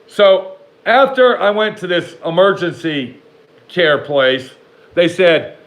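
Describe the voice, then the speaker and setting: A man telling a rambling personal story to the camera in a casual, animated way, swearing freely and talking back to imagined critics. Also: sits high, rough recording. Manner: profane, rambling, talks back to imagined haters; animated, jumps between slow emphasis and rushed asides.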